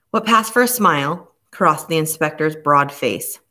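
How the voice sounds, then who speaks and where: A woman narrating a novel aloud in a steady storytelling manner. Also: deep voice, moderate pace, hardly any pauses. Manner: steady storytelling with voices for each character. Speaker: audiobook narrator. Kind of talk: scripted narration.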